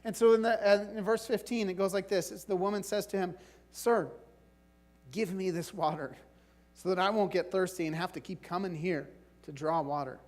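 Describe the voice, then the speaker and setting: A man's voice: sits high, normal speed, darkish tone. Conversational man preaching a sermon. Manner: conversational, frequent "right?" and "like". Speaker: pastor.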